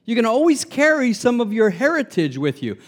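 A middle-aged man from Long Island, New York, preaching a sermon as pastor. He stresses key words loudly, drops to soft asides and mixes in humor. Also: very high-pitched, sing-song, fairly quick. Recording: long hall reverb.

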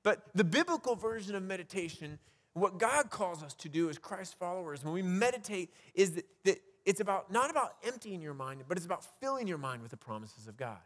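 Male pastor, higher pitch, casual preaching style full of restarts, recorded in a reverberant hall. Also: big pitch swings, brisk, fairly bright tone. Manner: conversational preaching with frequent restarts and rhetorical questions. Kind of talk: sermon.

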